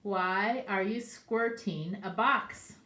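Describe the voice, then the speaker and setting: A woman reading the lines of a puzzled parent who questions a child in a storybook, slow and asking. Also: mid-range voice, sharp tone, reverberant.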